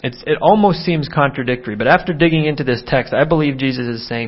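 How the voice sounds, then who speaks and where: Man, sermon, earnest delivery, mid-pitched voice, slightly dull lo-fi recording. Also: quick pace. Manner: earnest, acts out quoted dialogue with rising pitch. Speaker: preacher.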